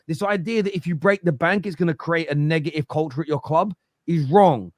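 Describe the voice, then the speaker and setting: On a studio-quality recording with no echo, a man with a slightly high, somewhat mellow voice talks briskly about football as a pundit on a fan show. His animated opinions come across as emphatic lecturing, and he tends to say things more than once.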